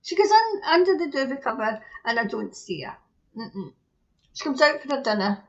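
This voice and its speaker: A woman's voice: sits high, big pitch swings, normal speed. A Scottish woman doing a casual live tarot reading, chatty and rambling, often laughing at herself. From Scotland. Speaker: tarot reader. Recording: dull lo-fi audio.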